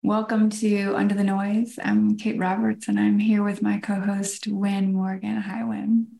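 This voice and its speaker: Woman podcast co-host, slight gravel in the voice, echoey room, casual thoughtful chat. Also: medium pitch, flat delivery, a little slow, dark tone. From United States. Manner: laughs easily, thoughtful and reflective. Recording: roomy echo.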